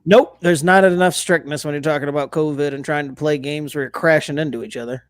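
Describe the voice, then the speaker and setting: A man with a slightly high voice gives blunt, profane opinions in a laid-back podcast chat. The sound is dry and close, with no room echo. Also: fairly even intonation, fast, smooth. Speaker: podcast co-host. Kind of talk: casual chat.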